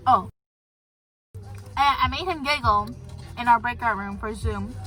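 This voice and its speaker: A teenage girl with a high, bright voice talks casually to the camera. She gossips in a chatty, storytelling way. Faint music plays behind her. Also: a little slow. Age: teens. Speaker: vlogger. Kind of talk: casual chat.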